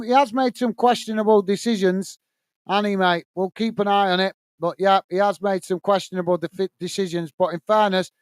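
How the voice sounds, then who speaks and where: A man's voice: high-pitched, smooth, dry recording. A British man hosting a live football watch-along stream, reading viewers' chat comments aloud in a friendly way and calling them mate.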